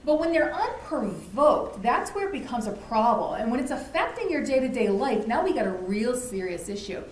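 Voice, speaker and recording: A woman's voice: a little high, very animated, normal speed. A woman delivers an informal educational talk to a lunch audience. She keeps it conversational, checking in with "right?" and acting out little stories. The room is echoey, with a faint hiss behind her. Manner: conversational, uses "right?" often, acts out anecdotes. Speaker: speaker at a community lunch talk.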